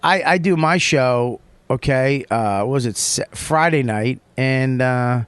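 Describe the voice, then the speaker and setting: A man hosting a casual podcast, telling a story with heavy swearing and lively retellings. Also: mid-range voice, slow, clean tone, dry recording. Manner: profane, rambling, animated when retelling. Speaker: podcast host.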